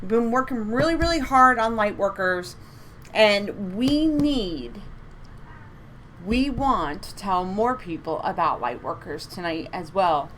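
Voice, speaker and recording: A woman's voice: mid-range voice, lively intonation, slow pace, fairly bright tone, slight background noise. A woman co-hosting a live psychic reading stream from home, chatty and upbeat, repeating words for emphasis. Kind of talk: casual live-stream chat.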